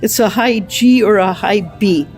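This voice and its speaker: A woman's voice: medium pitch, a little slow, a little mellow, faint music behind. A woman singing excerpts from an opera and stopping to explain the story in plain talk. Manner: sings arias then retells the plot in plain talk.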